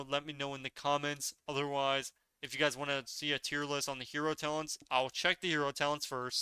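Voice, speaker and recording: Man with a very bright, crisp voice. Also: medium pitch, no echo. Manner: rambling, loose, heavy on filler words. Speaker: gaming video creator. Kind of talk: casual gameplay commentary.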